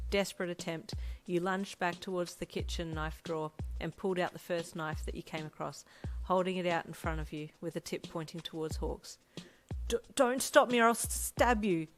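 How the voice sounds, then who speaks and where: A woman narrating a second-person fanfic story in a steady, even way. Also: on the low side, normal speed, hardly any pauses, rough recording. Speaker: audiobook narrator. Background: faint music.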